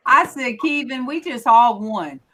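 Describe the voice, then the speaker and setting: A woman's voice: a little high, animated, unhurried, pushed and bright. A woman hosting a casual group chat in a folksy, chatty way. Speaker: show host.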